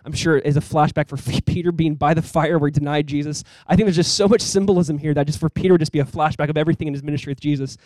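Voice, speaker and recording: A male pastor preaching a sermon in a conversational, earnest way, with casual fillers. He often drops quiet and low on key points. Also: steady tone, very fast, hardly any pauses, no room sound, low-quality recording.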